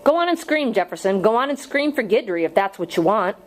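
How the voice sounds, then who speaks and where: A woman's voice: mid-range voice, lively intonation, a little fast, close to an everyday voice, poor audio. A woman voicing an earnest young male schoolteacher in an audiobook reading, pleading with strained patience.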